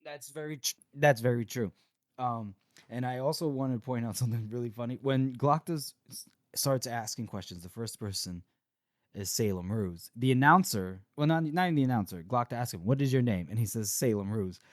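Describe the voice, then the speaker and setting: Man, podcast co-host, casual chat, mid pitch, dry recording. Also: normal speed, no room sound. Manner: animated, laughing asides. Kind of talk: casual book-discussion chat.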